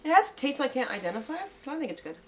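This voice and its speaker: A woman chatting casually as co-host of a sweets-tasting video, talkative and quick to laugh. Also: high voice, big pitch swings, slight background noise. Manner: chatty and giggly, reads labels aloud. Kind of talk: casual chat.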